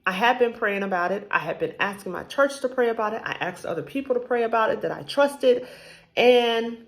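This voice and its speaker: Speaking a little fast and a little high, this animated woman shares her faith testimony as a vlogger. She's an adult, married with a child, and she rambles casually with lots of ums.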